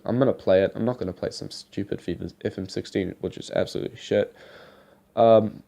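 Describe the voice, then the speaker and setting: A young man talks his way through a football video game in loose, rambling commentary. His voice sits low and mellow with a gravelly edge. He chats like a gaming YouTuber, dropping a casual swear here and there.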